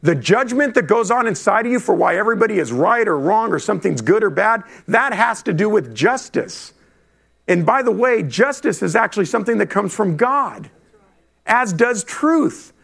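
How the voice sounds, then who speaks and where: A middle-aged male pastor preaching a lively sermon to his congregation, talking straight to the room with quick asides. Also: high-pitched, vocal fry, breathy edge. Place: church before a congregation.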